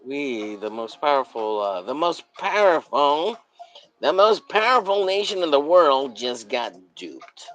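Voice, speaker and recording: A man's voice: a little high, sing-song, unhurried, a bit bright, rough recording. A man hosting a casual live drawing stream. He rambles profanely and laughs at his own jokes.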